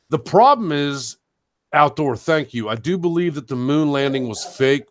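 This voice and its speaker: A man's voice: a little high, dry recording. Guy hosting a talk show, ranting and cussing, voice all over the place, dry room. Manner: loud, swearing, voice leaping up when angry. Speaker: show host. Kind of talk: heated casual talk-show rant.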